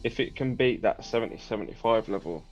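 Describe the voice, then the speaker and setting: A man with a fairly low voice talks through his trades in relaxed, matey banter on a live show. The audio is a little muffled, with faint music underneath. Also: fast. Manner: matey banter, says "mate" often. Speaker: co-host of a live trading show. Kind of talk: casual trading chat.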